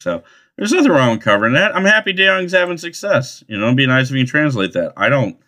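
A man's voice: mid-range voice, very animated, fast talker, sharp tone. A man hosting a podcast, chatting casually about baseball with profane, teasing, rambling talk. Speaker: podcast host. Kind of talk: crude casual chat.

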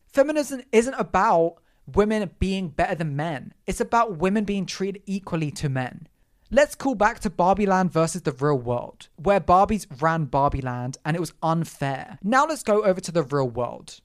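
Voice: mid-range voice, normal speed. A young adult podcast host talking alone in a casual, campy, sarcastic rant, full of asides and apologies. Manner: animated, campy, sarcastic ranting with frequent asides.

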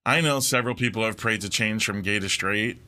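A man's voice: lowish voice, fairly quick, bright, forceful tone. A man co-hosting a casual chat, playful and full of quips and laughter. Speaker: podcast co-host.

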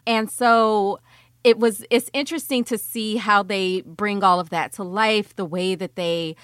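Animated, blunt woman co-host on a dry mic. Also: medium pitch, measured pace, no room sound. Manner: animated, emphatic, blunt and profane; laughs often while talking. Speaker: podcast co-host. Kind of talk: casual chat.

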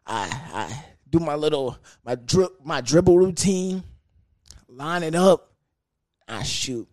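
Speaking slowly in a dry recording, a young man hosts a podcast with a crude, comedic, energetic monologue that keeps leaping into high, sing-song riffs.

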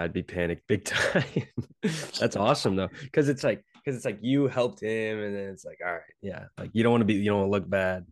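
A man's voice: fairly low pitch, clear, resonant tone, dry recording, clean studio sound. A young man hosting a casual interview, easygoing and affirming as he asks questions. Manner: easygoing, affirming, laughs along. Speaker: podcast host, former minor league player.

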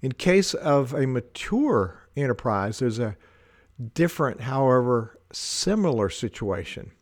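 A man giving a measured talk on leadership, laying out his points one by one with deliberate emphasis. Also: mid-range voice, sing-song, dry recording, clean studio sound. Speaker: leadership speaker.

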